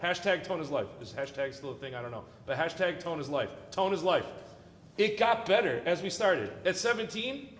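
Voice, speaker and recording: A man's voice: on the high side, lively intonation, normal speed, a little hiss or hum. A man leading an orchestra rehearsal, joking and encouraging the players as he coaches them. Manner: playful, encouraging, jokey. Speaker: orchestra conductor. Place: large concert hall. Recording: echoey hall with long reverb.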